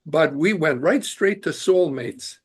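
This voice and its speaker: A man's voice: a little high, expressive, takes it slowly, slightly rough. A man as a podcast guest, talking earnestly in casual conversation and searching for his words as he goes. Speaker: guest, immigration attorney.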